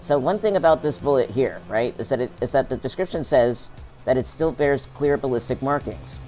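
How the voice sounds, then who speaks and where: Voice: mid-range voice, lively intonation, a little fast, darkish tone, faint music behind. A streamer casually commenting while playing a video game, rambling and restarting sentences. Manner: rambling, self-interrupting, laughs a lot. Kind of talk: casual let's-play commentary.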